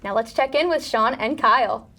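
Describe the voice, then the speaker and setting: A woman anchors a live charity telethon, reading her lines earnestly. Her voice sits high. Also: normal speed, sharp tone. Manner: earnest, scripted.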